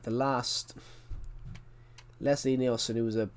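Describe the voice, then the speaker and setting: A man's voice: medium pitch, little pitch movement, unhurried, clean tone. Rambling man chatting on a game stream. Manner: rambling storyteller, frequent self-corrections. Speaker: livestreamer. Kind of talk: casual chat while streaming a game.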